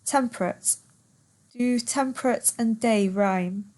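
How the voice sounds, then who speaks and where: A woman's voice: medium pitch, steady tone, normal speed, a little mellow. A woman teacher in a poetry lesson who reads verse aloud and patiently repeats words to count their syllables.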